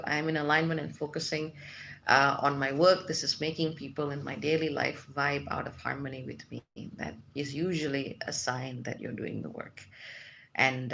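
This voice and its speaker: A woman's voice: low voice, vocal fry, pushed and bright, a little hiss or hum. A woman hosting a spiritual livestream, chatting casually and reading out viewer comments with lots of fillers. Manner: chatty, reads comments aloud with many fillers.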